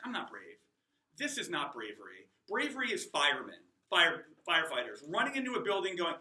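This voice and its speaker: A man's voice: high-pitched, wildly swooping pitch, normal speed, bright, forceful tone, roomy sound, low-quality recording. A man in his forties telling comic stories about himself to a classroom, wry and self-mocking. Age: 40s. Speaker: adult student giving a class speech. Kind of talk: comic personal storytelling.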